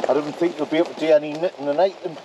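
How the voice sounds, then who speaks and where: A man's voice: fairly high pitch, fairly even intonation, racing, lo-fi sound, slight background noise. A man bantering drily at a rainy wild camp. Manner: wisecracking, dry banter. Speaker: camping companion. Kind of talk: casual chat. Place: outdoors at a wild camp in heavy rain. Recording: outdoor camera audio with loud rain.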